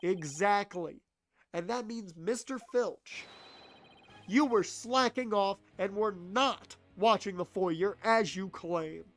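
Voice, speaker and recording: A man's voice: sits high, slow, fairly bright tone, full character voice. A man voicing an earnest young defense lawyer.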